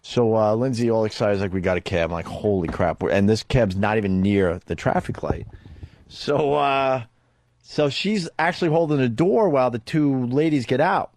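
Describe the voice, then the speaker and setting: A man's voice: medium pitch, animated, normal speed, a little mellow, dry recording. Radio host guy rambling through a story, swears a lot, dead dry studio mic. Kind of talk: casual radio talk. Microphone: studio microphone.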